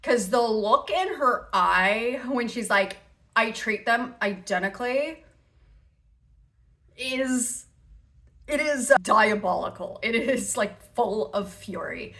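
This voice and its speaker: Bright-voiced sarcastic woman commentator. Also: on the high side, lively intonation, takes it slowly. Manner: sarcastic, dramatic mimicry of others. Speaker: commentary host. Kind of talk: internet drama reaction commentary.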